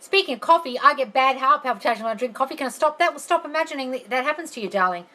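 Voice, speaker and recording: A woman's voice: high-pitched, lively intonation, very fast, sharp tone. A woman hosting a live phone stream from home, answering viewer questions in a chatty, blunt way, swearing and calling people darling. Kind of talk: casual chat reading and answering comments. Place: home, moving about into the kitchen.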